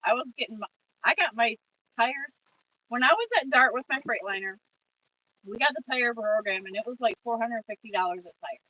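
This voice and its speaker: A woman hosts a relaxed trucking livestream, reading out viewer comments and answering them in a friendly, chatty way. Her voice sits a bit high. She sounds set back from a dull, lo-fi mic with a dry sound. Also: a little fast, far from the mic, slight background noise. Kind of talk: casual live chat reading viewer comments.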